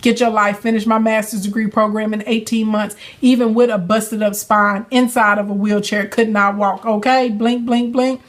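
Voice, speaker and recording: A woman's voice: medium pitch, flat delivery, normal speed, hardly any pauses. A young adult woman hosting a casual phone livestream, chatting sassily with viewers and laughing often. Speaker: livestream host and business coach.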